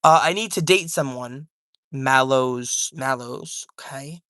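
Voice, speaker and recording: A young male livestreamer reads chat and talks casually with viewers from home, loose and rambling, throwing in "dude" and "bro." His medium-pitched voice is slow, pushed and bright, in clean studio sound with no room echo.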